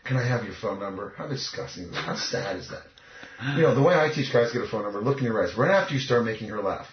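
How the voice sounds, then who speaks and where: A man's voice: mid-range voice, sing-song, fast, slight background noise. A man talking as a dating coach in an interview, cocky and emphatic. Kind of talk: casual interview talk. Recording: echoey, muffled lo-fi recording.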